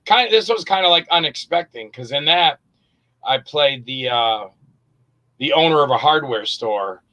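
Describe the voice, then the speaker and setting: Bright slightly high voiced guy, actor telling stories in an interview, animated. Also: a little slow, low-quality recording. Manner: animated storyteller, acts out quotes. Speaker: actor and director, interview guest. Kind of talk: casual interview chat.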